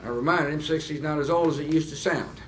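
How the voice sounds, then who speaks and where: A man in his sixties giving a public speech to plant workers, folksy and halting, with fillers and joking asides. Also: on the high side, slight background noise. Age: 60s. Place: nuclear power plant, indoors.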